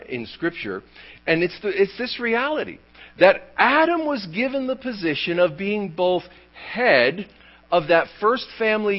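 A man's voice: a little high, lo-fi sound. A man preaching a sermon, emphatic and full of rhetorical questions. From United States. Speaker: pastor.

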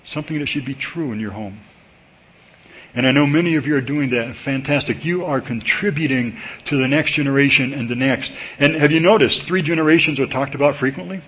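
A man preaching a sermon at a church service, talking to the congregation in a conversational, animated way and jumping up in pitch when he gets excited. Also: a little fast, slightly rough. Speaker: pastor. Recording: dull lo-fi recording.

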